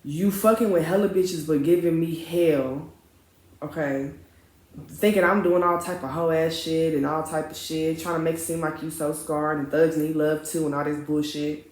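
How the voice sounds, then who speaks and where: A woman's voice: sits low, moderate pace. Woman telling a wild story in a roomy room. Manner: animated, profane, dramatic retelling with slang. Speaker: vlogger. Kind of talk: casual storytime vlog.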